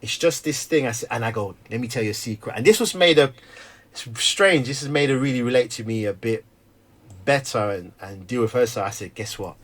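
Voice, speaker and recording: A middle-aged stay-at-home dad talks candidly about fatherhood in a mid-range, fairly quick voice. He tells stories animatedly, acting out the dialogue as he goes.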